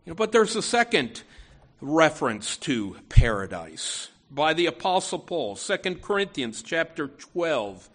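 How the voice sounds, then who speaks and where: A man's voice: on the high side, big pitch swings, a little slow, a bit bright. A man preaching a sermon in an earnest, emphatic way, often restarting phrases and saying "you know".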